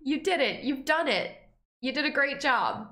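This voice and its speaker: A woman's voice: high-pitched, expressive, moderate pace, pushed and bright, reverberant. A young woman streamer reacting on a casual stream, emotional, teary and swearing freely.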